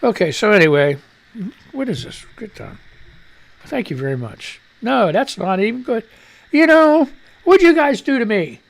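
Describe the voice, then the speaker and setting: A man with a gravelly, rough-edged, high voice hosts live radio, swearing and ranting irritably between news items in unscripted talk. He grumbles at and fiddles with his studio mic, drifting on and off it so his level jumps, with big pitch swings, normal speed, and long pauses.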